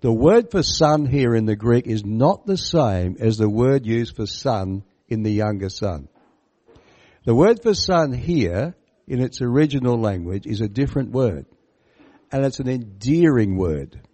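This man's voice sits in the mid-range and moves a little slowly as he delivers a sermon on a biblical parable. Emphatic and animated, he remarks on the text and keeps asking the congregation questions.

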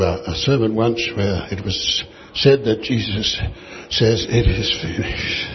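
A man's voice: medium pitch, dull audio. A man teaching a Bible class in a conversational way, asking his students questions and chuckling now and then.

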